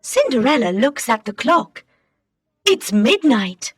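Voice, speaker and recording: A woman narrating a simple storybook for English learners, reading clearly and carefully. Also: a little high, sing-song, slow, no echo, studio quality.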